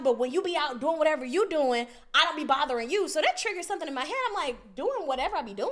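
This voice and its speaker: Female podcast co-host, slightly high voice, animated and profane storyteller. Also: quick pace, few pauses. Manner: animated, profane, acts out both sides of arguments. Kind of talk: casual storytelling.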